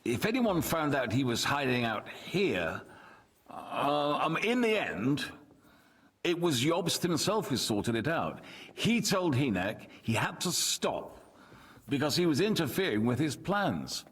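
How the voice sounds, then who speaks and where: An actor playing a measured, diplomatic medieval nobleman who is loyal to his king, in video game voice acting. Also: on the high side, sing-song, a bit bright, husky, heavily acted. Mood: calm. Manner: diplomatic, composed.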